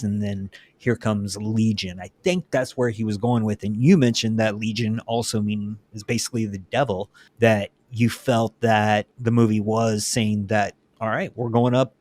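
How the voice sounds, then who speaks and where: A man's voice: fairly low pitch, a little mellow, dry recording. A man co-hosting a podcast, talking casually and rambling, often correcting himself. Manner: rambling, self-correcting, chatty. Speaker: podcast co-host.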